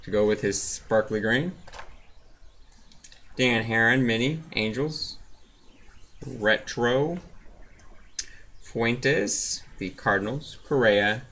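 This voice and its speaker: A man's voice: medium pitch, slow, pauses often, fairly bright tone. A man casually narrating as he opens trading card packs, reading off names and teams with laid-back asides. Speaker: card collector opening packs. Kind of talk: casual running commentary.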